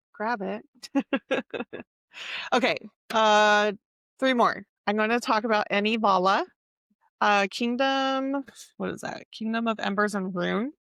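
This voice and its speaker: Here a woman with a mid-range voice, a touch of brightness and vocal fry chats about books as a podcast co-host. She rambles pleasantly, fills gaps with lots of fillers, and often stops mid-thought to find a word; the audio has no echo.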